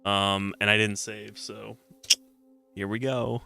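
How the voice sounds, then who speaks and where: A man's voice: lowish voice, flat delivery, takes it slowly, creaky, sharp tone, clean tone, soft background music. A man streaming a retro adventure game, reading its text aloud and mocking himself with jokey outbursts.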